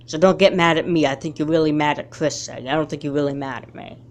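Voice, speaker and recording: A woman's voice: low voice, fast, natural voice. A woman voicing a middle-aged father who patiently lectures his daughter in a fan doll movie. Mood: calm lecturing. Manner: calm, lecturing. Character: stern but caring father, middle-aged man.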